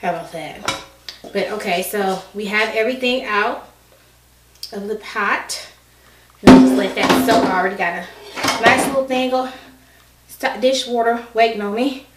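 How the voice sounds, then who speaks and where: A woman's voice: medium pitch, a little slow, pauses often, far from the mic, background noise. A woman, out of breath, chatting casually to viewers as she demonstrates a recipe in her home kitchen. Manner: chatty and folksy, talks straight to viewers. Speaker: cooking vlogger. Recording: roomy kitchen, mic set back.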